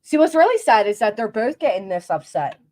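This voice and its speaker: A woman's voice: fairly high pitch, very animated, a little fast, a little mellow. Sarcastic woman host reacting to clips. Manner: sarcastic, laughing asides, trailing restarts. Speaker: commentary channel host. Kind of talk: casual reaction commentary.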